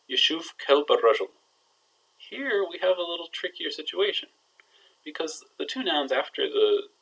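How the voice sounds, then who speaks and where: A man teaches a recorded lesson in a playful, lively way. He stretches out examples to build suspense, and his pitch sits in a middle range for a man. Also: poor audio. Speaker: Arabic teacher.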